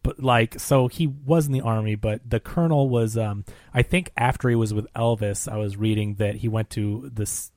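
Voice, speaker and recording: Animated man, dry close sound. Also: fairly low pitch, normal speed, no echo. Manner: animated, emphatic opinions. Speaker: podcast host. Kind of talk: casual film discussion.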